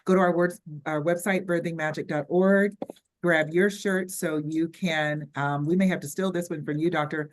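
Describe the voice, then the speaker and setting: An older woman with a Southern US accent hosting an online workshop over a video call, chatty and halting with frequent ums and restarts. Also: fairly low pitch, steady tone, a little hiss or hum. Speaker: webinar host.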